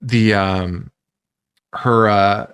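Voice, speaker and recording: A man's voice: fairly low pitch, drawn-out words, clean tone. Swearing, laughing male podcast co-host. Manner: animated, swears freely, laughs often. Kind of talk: casual movie chat.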